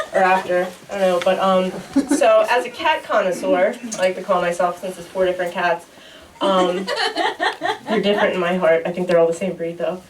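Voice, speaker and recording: A young woman performing a stand-up comedy set on a club stage, rambling and laughing through her punchlines while acting out characters. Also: mid-range voice. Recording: echoey club recorded from far off, loud noise. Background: audience laughter.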